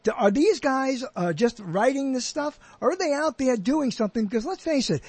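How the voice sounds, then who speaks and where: A man's voice: very high voice, animated, normal speed, a little mellow, breathy edge, no room sound. A man hosting a podcast in casual chat, rambling with stammering restarts and blunt wisecracks. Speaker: podcast host.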